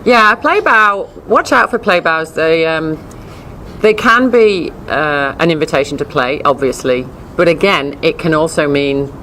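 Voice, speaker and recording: A woman teaching a dog behavior class in a chatty, animated way, often acting out voices. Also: sits low, unhurried, a little hiss or hum. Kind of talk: informal lecture with slides.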